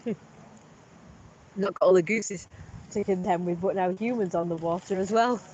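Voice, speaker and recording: In a casual canal-side vlog, a person chats, boasts and drifts from topic to topic. The pitch is medium, the pace normal and the tone darkish, with slight background noise, and the outdoor recording is slightly muffled with faint background.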